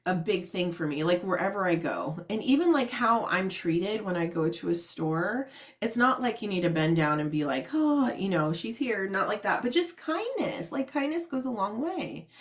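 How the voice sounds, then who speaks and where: A woman in easy conversation, spilling a story with plenty of energy. She slips into other people's voices as she goes and laughs often. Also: mid-range voice. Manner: animated, acts out quotes, laughs often. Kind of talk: casual storytelling chat.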